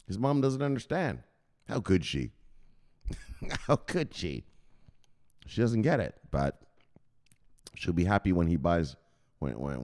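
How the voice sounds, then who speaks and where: A man's voice: fairly low pitch, a little mellow. Joking, foul-mouthed male host. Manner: joking, profane, laughs often. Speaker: crypto news show host. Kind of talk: casual joking chat.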